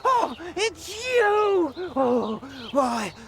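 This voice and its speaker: A ragged little slum boy, voiced by a woman, stammers out his words in a very high, swooping voice. He speaks slowly and draws every phrase out. Loud noise runs underneath the whole recording. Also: sing-song, exaggerated voice. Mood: delighted. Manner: stammering, slow and drawn out. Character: ragged grubby boy from the slums, meek. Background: loud background noise.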